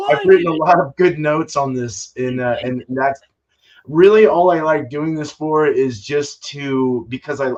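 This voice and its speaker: A man hosting a casual home-brew live stream, talking loosely with lots of fillers and swearing. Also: mid-range voice. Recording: dull lo-fi stream audio.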